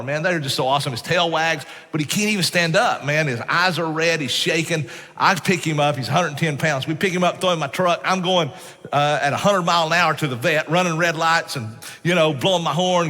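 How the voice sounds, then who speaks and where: A man's voice: on the high side, pushed and bright. A middle-aged man preaching a sermon, telling stories in a folksy way and often saying "man". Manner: folksy storytelling with frequent "man". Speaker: pastor. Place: church sanctuary. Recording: church hall reverb.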